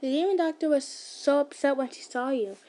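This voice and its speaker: A woman reads a fan story aloud for listeners. Her voice sits high, her reading casual, with slips, restarts and little asides. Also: fairly quick, dark tone. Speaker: ASMR storyteller.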